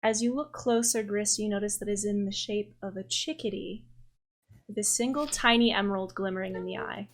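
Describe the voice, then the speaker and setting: A woman running a tabletop game as game master, narrating scenes and voicing characters in a relaxed, chatty way. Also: medium pitch, brisk.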